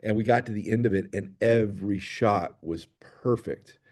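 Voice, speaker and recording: Male director guest, middle-aged, low and warm, eager storyteller who restarts often. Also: moderate pace. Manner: enthusiastic storytelling with many restarts. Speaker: film director and producer, guest. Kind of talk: interview chat.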